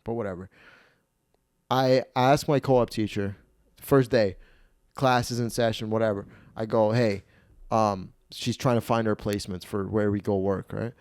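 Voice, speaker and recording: A man's voice: fairly low pitch, darkish tone, no room sound, studio quality. Rambling young man telling a story. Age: 20s. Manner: rambling, profane, acts out quoted voices. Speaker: podcast host. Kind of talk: casual storytelling.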